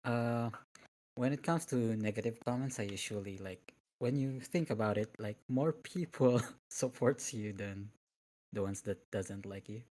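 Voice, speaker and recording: A man's voice: fairly low pitch, a little slow, darkish tone. A man being interviewed as a guest on a casual podcast, speaking hesitantly and laughing between words.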